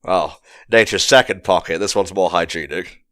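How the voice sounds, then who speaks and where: A man's voice: sits low, normal speed, fairly bright tone, no echo, studio quality. A man hosting a casual audio commentary, chatty and joking, swearing now and then. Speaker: commentary host.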